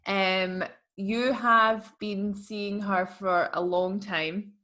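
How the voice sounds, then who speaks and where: A young woman chatting on a podcast, her voice sitting at a middling pitch. She rambles through anecdotes in a relaxed, filler-heavy way, as if talking with a friend. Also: very slow. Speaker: podcast co-host. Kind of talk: casual chat.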